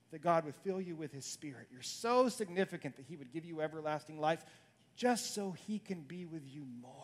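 A man preaching a sermon as pastor, earnest and building to urgent questions. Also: fairly high pitch.

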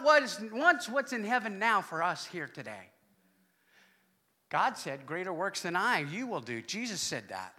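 A man preaching a sermon to his congregation, animated, with loud exclamations and hushed asides. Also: sits high, a little slow. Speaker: pastor.

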